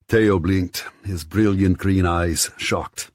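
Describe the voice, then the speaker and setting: Very deep, husky male audiobook narrator. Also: a little slow, hardly any pauses, no room sound, clean studio sound. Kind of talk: scripted first-person narration.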